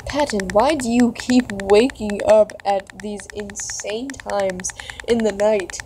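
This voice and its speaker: A woman's voice: mid-range voice, steady tone, slow, noisy background, natural voice. Logan, a woman reading as a formal, logical young man. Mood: earnest. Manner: reading texts aloud. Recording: music playing underneath.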